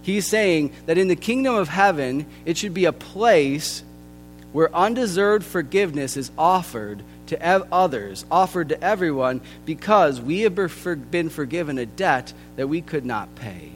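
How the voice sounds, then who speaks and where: A man preaching a sermon, earnest and deliberate, his voice softening at the ends of phrases. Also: fairly high pitch, animated. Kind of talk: sermon with scripture reading. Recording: long hall reverb with faint music.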